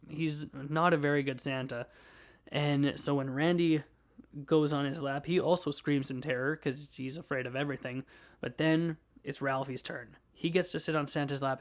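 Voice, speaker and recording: Young male podcast host, slightly high voice, animated and chuckling through a casual movie recap. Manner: animated plot retelling with frequent laughs.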